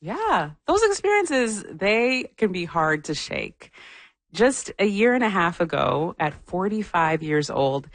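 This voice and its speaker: A woman co-hosting a podcast interview, asking reflective, gently probing questions. She speaks in a relaxed, conversational way. Her voice sounds close and dry. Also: fairly low pitch, no room sound. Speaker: podcast co-host.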